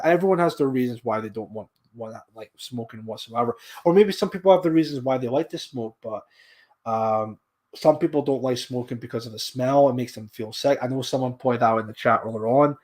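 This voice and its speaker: A man from Scotland with a mild Scottish accent, hosting a podcast and chatting casually while reading out viewer comments. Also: mid-range voice. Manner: rambling, with frequent restarts and fillers. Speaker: podcast host.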